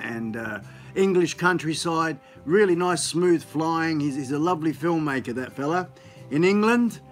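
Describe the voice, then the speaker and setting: A man's voice: on the high side, fairly bright tone. A man hosts a casual live stream, rambling in an upbeat, chatty way with many fillers, recorded on a phone on a gimbal.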